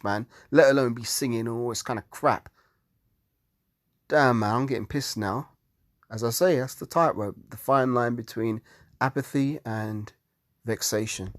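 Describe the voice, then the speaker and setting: A man's voice: mid-range voice, moderate pace, no echo, clean studio sound. A man giving a heated, profane monologue on religion, sounding exasperated. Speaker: religious commentator.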